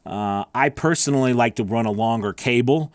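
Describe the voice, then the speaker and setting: A man's voice: medium pitch, moderate pace, no room sound, clean studio sound. A man hosting a live voice-over Q&A, earnest and encouraging, rambling with fillers as he answers viewers. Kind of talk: motivational live stream chat.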